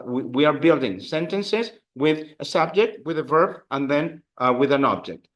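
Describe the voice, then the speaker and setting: A man's voice: on the high side, a bit bright. A man teaching a Spanish class, explaining grammar and leading drills, with many fillers and restarts. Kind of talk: classroom language lesson.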